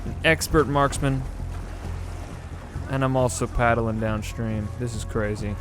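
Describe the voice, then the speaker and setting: Over music, a man speaks a little slowly in a steady, medium-pitched tone. He's a gaming video host offering casual let's-play commentary as he plays, sarcastic and frequently exasperated.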